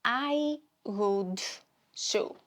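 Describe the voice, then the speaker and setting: Woman, young adult, Greek accent, comedy podcast host, unhurried, rambling. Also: mid-range voice. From Greece. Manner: animated, rambling, stop-start storytelling. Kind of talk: solo comedic podcast monologue.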